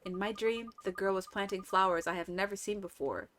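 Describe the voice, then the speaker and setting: A woman voicing a dreamy little village girl in a gentle, wondering way. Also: medium pitch, fairly even intonation, brisk, a little hiss or hum, lightly acted. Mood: wistful.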